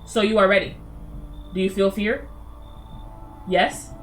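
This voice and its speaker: A woman voicing an ominous stranger who calmly foretells death, cold and cryptic. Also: medium pitch, takes it slowly, faint music behind, natural voice. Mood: menacing. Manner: calm, menacing and cryptic.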